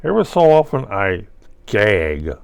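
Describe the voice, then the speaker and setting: A man's voice: on the low side, sing-song, a little slow, creaky, clear, resonant tone, dry recording. An older man rambling through a solo monologue, asking himself questions and answering them with wry asides. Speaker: vlogger.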